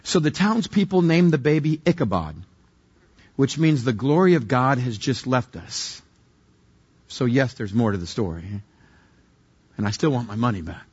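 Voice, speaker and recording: A man's voice: mid-range voice, animated, normal speed, long pauses, darkish tone, husky, highs cut off. A male pastor preaching a sermon in a conversational, humorous way, acting out little scenes as he goes.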